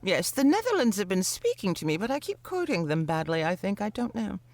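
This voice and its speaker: Playful woman, lively voice, dry sound. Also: mid-range voice, a little fast, no room sound. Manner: playful, self-deprecating jokes. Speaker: podcast co-host, voice actor. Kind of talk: casual chat.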